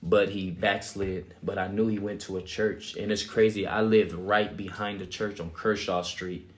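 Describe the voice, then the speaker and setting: Man, young adult, low-pitched, casual storytelling, animated, laughs a lot. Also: moderate pace. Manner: animated, acts out quotes, laughs often. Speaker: guest sharing his testimony.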